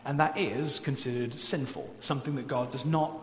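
A man's voice: mid-range voice, steady tone. A male pastor preaching in a church sanctuary, earnest and pleading. His voice rings with a long echo through the hall, and a faint hum sits underneath. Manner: earnest, pleading, slows down to stress key points. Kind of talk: sermon.

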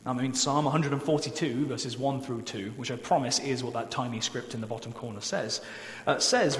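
Earnest pastor preaching in an echoey hall. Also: male voice, medium pitch. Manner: earnest, pleading, slows down to stress key points. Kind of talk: sermon. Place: church sanctuary. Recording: echoey church hall, faint hum.

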